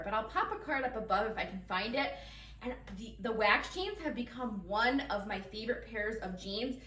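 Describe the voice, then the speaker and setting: A woman's voice: fairly high pitch, sharp tone, far from the mic. Chatty giggly woman in an echoey room. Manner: chatty, giggly, talks straight to viewers. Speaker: fashion vlogger. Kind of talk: casual try-on haul chat.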